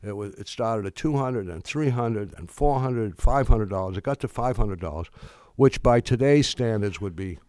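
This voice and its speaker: Man, lower voice, dry close sound; public lecturer who tells stories and voices the people in them. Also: expressive, moderate pace, darkish tone, no echo. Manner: conversational, acts out quoted dialogue. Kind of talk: public lecture, anecdotal storytelling.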